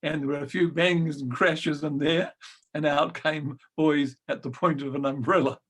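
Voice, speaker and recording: An older man reminiscing about his teaching days in a gentle, wry storytelling manner with frequent pauses. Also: on the high side, steady tone, breathy edge. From New Zealand. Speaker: guest storyteller. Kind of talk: reminiscing anecdote.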